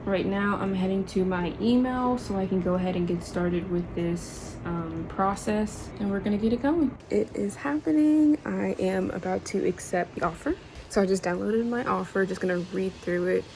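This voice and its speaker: A woman's voice: mid-range voice, moderate pace, background noise. A young woman vlogging in a frustrated, emotional way, swearing often as she vents. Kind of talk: casual venting vlog.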